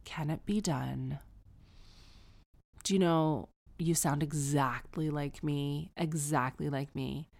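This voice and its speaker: A woman with a low, gravelly, darkish voice hosts an advice podcast, speaking slowly with fairly even intonation. She answers a listener frankly through casual, candid personal stories, often restarting and adding emphatic asides.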